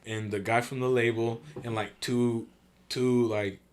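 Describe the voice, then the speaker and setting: A man's voice: mid-range voice, measured pace. A man guest on a podcast telling travel stories in casual slangy talk, swearing freely and acting out what people said. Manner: slangy and profane, acts out quotes in animated voices. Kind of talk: casual storytelling chat.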